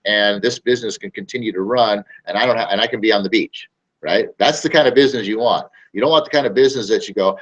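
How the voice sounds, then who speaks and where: A man with a low, husky voice talks straight to camera as the show's host, rambling and emphatic and circling back over his own words. The recording sounds dull and lo-fi. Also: fast. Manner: rambling, emphatic, repeats phrases. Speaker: show host. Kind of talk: casual talk to camera.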